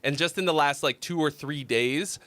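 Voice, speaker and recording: A man's voice: a little high, normal speed, fairly bright tone, no room sound. A congested man with a sick-sounding voice, giving loose, profane critique of listener songs on a casual livestream. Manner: loose, profane, rambling with fillers.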